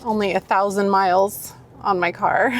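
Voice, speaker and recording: A woman's voice: mid-range voice, steady tone, measured pace. A woman vlogger talking casually to her viewers, rambling and self-deprecating, earnest and openly emotional. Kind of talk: casual chatty vlog.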